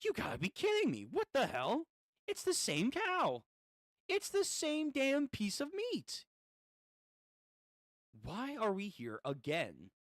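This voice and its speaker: A man's voice: extremely high pitch, huge pitch swings, slow pace, pauses often, fairly bright tone, no echo, clean studio sound, pitched above the performer's own voice, exaggerated voice. A man voicing a panicked young male horseman who stammers and curses in frantic disbelief.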